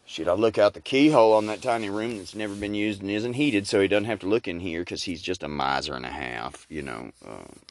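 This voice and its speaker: A man's voice: sits low, brisk, hardly any pauses, no room sound. A man telling a comic story as a rambling, crude, folksy character, full of asides. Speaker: podcast host doing a comic storyteller character.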